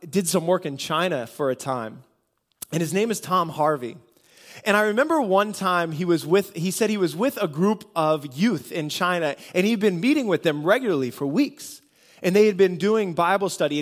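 A pastor from the United States giving a conversational sermon, asking rhetorical questions and often repeating phrases as he builds a point. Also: high-pitched.

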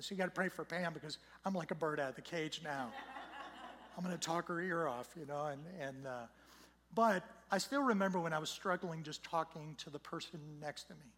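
A middle-aged man preaching a sermon, his voice a little hoarse and set fairly high for a man. He talks like he is telling a story, then grows loud and emphatic for the scripture. A long church reverb rings behind him. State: slightly hoarse. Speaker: pastor. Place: church sanctuary.

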